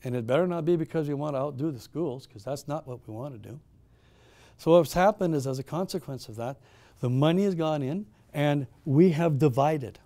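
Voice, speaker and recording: Warm-toned, slightly high and fairly quick, a middle-aged man hosts a town hall. Moderating before a live audience, he tells a story full of emphatic rhetorical questions and frequent restarts.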